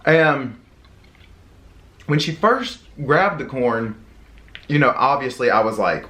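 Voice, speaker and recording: A man's voice: mid-range voice, lively intonation, slow pace, pushed and bright. A young man with a Southern US accent telling a story in a casual, rambling way, with lots of fillers and restarts. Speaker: mukbang vlogger.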